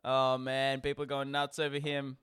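A man's voice: medium pitch, monotone, normal speed, a bit bright, clean tone. A man with an Australian accent, co-hosting a casual podcast chat, teasing and laughing often. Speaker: podcast co-host.

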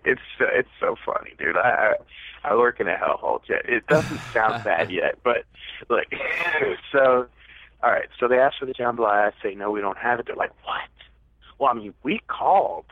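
A man's voice: lowish voice, normal speed, dry recording. A man telling a long story as a podcast guest, rambling and mocking himself. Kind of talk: casual storytelling. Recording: tinny, dry phone-like line.

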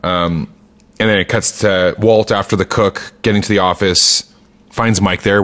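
Deep-voiced man recapping casually. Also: steady tone, measured pace, fairly bright tone. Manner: rambling, filler-heavy retelling with quoted lines. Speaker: podcast co-host recapping a TV episode. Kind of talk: casual chat.

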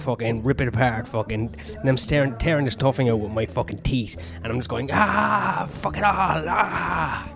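A man's voice: medium pitch, vocal fry. Young man, podcast host, rambling, sweary, self-mocking, faint music behind. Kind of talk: solo rambling podcast monologue.

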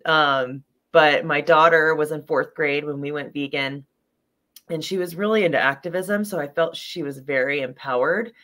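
A woman's voice: sits low, moderate pace, fairly bright tone. A middle-aged woman, a guest on a video-call talk show, telling stories earnestly and acting out quoted lines. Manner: earnest, storytelling, acts out quotes. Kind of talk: casual interview chat.

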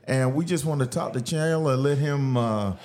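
At a car show, this sports podcast host talks in a mid-range, slightly mellow voice. He keeps things laid-back and casual, laughing often and stretching out his fillers.

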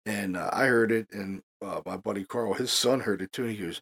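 A man's voice: on the low side, fairly quick, creaky, hardly any pauses, fairly bright tone, breathy edge. A man guest-hosting a podcast, telling a story in a casual, profane way and leaning on "you know". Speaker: guest host.

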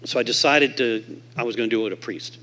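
Male convention speaker, mid-pitched voice, animated telling, goes from loud bursts to quiet and low. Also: fast talker. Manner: animated storyteller who acts out quoted voices. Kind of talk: recovery story told to a convention audience. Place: convention hall stage.

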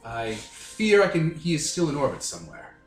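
Un hombre interpretando una nave robot antigua y esnob, con falso acento británico, voz algo aguda, grabación con eco. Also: male voice, fairly high pitch, wildly swooping pitch, normal speed. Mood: pompous. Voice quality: fake British, pompous. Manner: grandiose formal phrasing. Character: snooty ancient male robot shuttle. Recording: roomy recording, faint music.

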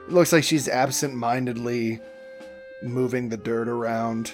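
Male game master, slow and relaxed, faint music underneath. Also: mid-range voice. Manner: relaxed, rambling, laughs easily. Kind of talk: narrating a tabletop game.

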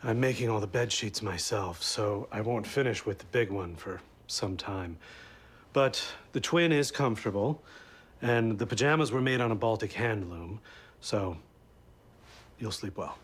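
Fussy, earnest drama host; precise, slightly low delivery. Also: male voice, unhurried, slightly rough. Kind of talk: TV drama acting.

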